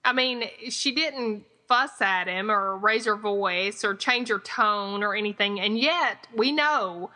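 A woman's voice: mid-range voice, slow, few pauses, bright, forceful tone. A woman co-hosting a casual chat about TV episodes, skeptical and reading from her notes. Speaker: podcast co-host.

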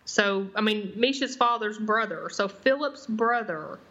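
A woman's voice: mid-range voice, a little slow, bright, forceful tone. A woman co-hosting a casual TV recap podcast, talking in a hesitant way with lots of "I mean" and "I don't know". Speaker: podcast co-host. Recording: dull lo-fi podcast audio.

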